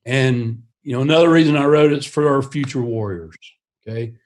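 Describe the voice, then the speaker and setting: A man's voice: medium pitch, fairly quick. A man who pilots attack helicopters, a podcast guest telling his stories in an earnest, casual way and laughing often.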